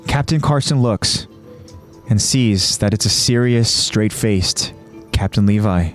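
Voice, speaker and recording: A man hosting a podcast, narrating an episode recap in a casual tone and jumping into quoted lines with a raised, shouting voice. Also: lowish voice, slow, soft background music.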